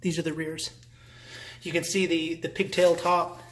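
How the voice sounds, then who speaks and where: Man, fairly high voice, casual car repair vlog, rambling, talks to himself. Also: little pitch movement, measured pace, a little hiss or hum. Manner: rambling, self-talking, chatty with restarts. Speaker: car hobbyist vlogger.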